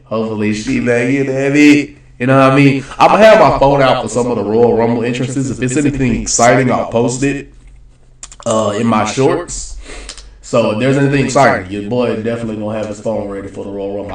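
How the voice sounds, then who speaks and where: A man's voice: fairly low pitch, brisk. A young man talking casually and predicting wrestling results, in a loose, slangy, rambling way. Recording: roomy echo, voice a bit far from the mic.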